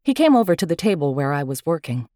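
A woman reading a first-person story aloud with a wry, lively manner. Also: sits low, fast, no room sound, clean studio sound. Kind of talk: storytelling narration.

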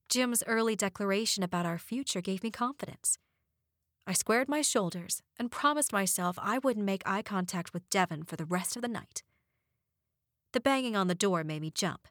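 A woman reading a first-person novel aloud with measured storytelling. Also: mid-range voice, no room sound, clean studio sound. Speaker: audiobook narrator.

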